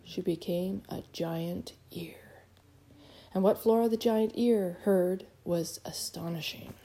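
Mellow-voiced woman narrating an audiobook. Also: fairly low pitch, takes it slowly. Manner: lively and expressive, with occasional stumbles.

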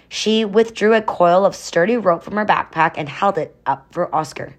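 A woman's voice: mid-range voice, normal speed, few pauses. A woman narrating a children's adventure story, adding chatty explanatory asides.

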